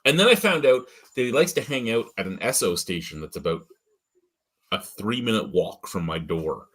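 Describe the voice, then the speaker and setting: A man's voice: lowish voice, lively intonation, moderate pace, a bit bright, slightly rough. A man co-hosting a casual beer review chat, ranting with lots of swearing and getting worked up. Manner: profane, ranting, gets worked up. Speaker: beer review show co-host.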